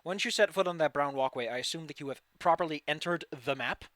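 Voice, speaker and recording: A man's voice: on the high side, fast, a bit bright, no room sound. A man running an online tabletop game as game master, loose and rambling, often restarting and swearing casually.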